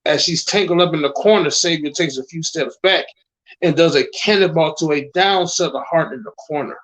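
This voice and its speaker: A man's voice: fairly high pitch, moderate pace, fairly bright tone, rough recording. Man reading out wrestling action. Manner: stumbles over words while reading, adds reactions. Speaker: co-host. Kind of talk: reading a scripted wrestling storyline.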